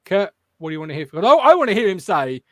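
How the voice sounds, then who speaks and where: A man's voice: high-pitched, very animated, fast, dry recording. A man with an English accent hosting a football fan show, chatting casually and reading out viewer comments. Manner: banter, reads viewer comments aloud.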